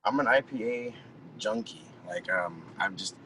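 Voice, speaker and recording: A man's voice: lowish voice, unhurried, sharp tone, slight background noise, low-quality recording. A young man from California, a music producer, chatting casually as a podcast guest and telling loose stories full of slang and laughter. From Merced, California. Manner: laid-back, loose storytelling with frequent laughs and slang. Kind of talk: casual chat.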